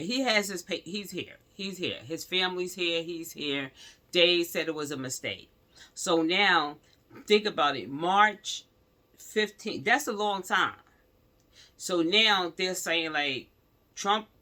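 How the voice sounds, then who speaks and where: A man's voice: on the high side, sharp tone. A man giving casual spoken commentary to his viewers, talkative and calling them y'all. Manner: talkative, addresses viewers as y'all, growing heated. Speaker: vlogger.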